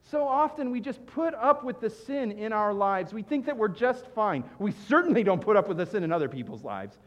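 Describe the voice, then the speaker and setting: A man preaching a sermon as a pastor, animated, acting out comic voices in his examples. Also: sits high, normal speed, long reverb tail, highs cut off.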